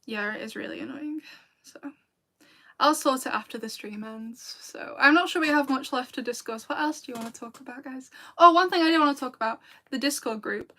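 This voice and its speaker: A British woman's voice sits high and sounds bright and clear as she chats to her livestream viewers. She rambles through her thoughts and breaks into laughs often. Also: a little fast. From Britain. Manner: chatty and rambling, with frequent laughs. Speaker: video creator and streamer. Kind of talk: casual livestream chat with viewers.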